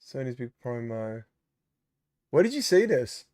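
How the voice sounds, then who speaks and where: A man's voice: medium pitch, very animated, measured pace, mellow, dry recording, studio quality. A man hosting a casual live-stream chat, greeting viewers by name and answering their comments. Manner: chatty, reads out viewer comments and greets them. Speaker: streamer host.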